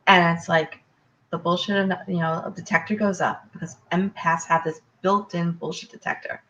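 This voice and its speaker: A woman's voice: on the low side, fairly even intonation, normal speed, a bit bright. A female guest in a casual chat, explaining her views in an earnest way. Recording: dull lo-fi recording.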